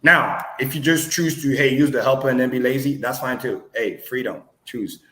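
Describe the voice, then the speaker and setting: A man's voice: mid-range voice, normal speed, bright, forceful tone. A man speaking as an upbeat livestream guest, repeating words for emphasis. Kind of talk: motivational livestream talk. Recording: roomy echo.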